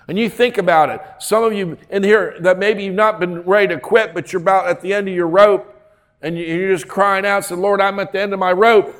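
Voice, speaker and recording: A man's voice: high voice, fairly even intonation, brisk, a bit bright. A man preaching a sermon in a folksy, emphatic way, with joking asides and repeated phrases.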